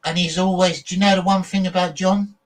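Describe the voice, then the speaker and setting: A man's voice: high voice, level tone, brisk. A man hosting a casual livestream, talking bluntly and swearing freely while he chats with viewers. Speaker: show host. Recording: distant, choppy internet audio.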